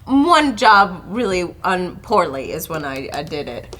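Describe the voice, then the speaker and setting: A woman's voice: fairly low pitch, unhurried, a crowd in the background. A woman co-hosting a casual panel chat, telling stories and acting out what people said, with free swearing. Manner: animated storyteller who acts out quotes, swears freely. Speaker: co-host.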